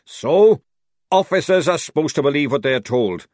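A man voicing a gruff, scheming old army sergeant who talks loudly and indignantly. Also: mid-range voice, animated, normal speed, dry recording, clean studio sound, voice pushed up, close to an everyday voice. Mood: blustering. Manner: loud, blustering, indignant.

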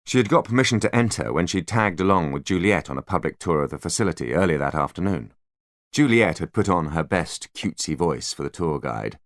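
A man narrating an audiobook in an expressive, dramatic way. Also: low voice, brisk, no room sound, studio quality. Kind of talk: scripted narration.

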